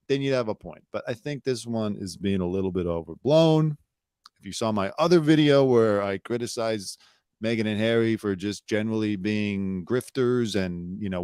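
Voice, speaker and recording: Man, low voice, blunt sarcastic live commentary, dry close sound. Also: a little mellow, dry recording. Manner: blunt, sarcastic, swears freely. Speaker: host.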